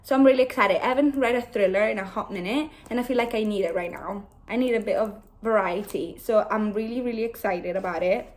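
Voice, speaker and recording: A woman's voice: mid-range voice, fairly quick, hardly any pauses. Bubbly young woman vlogging about books. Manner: bubbly, chatty, animated. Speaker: book vlogger. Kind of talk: casual reading vlog. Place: home, indoors.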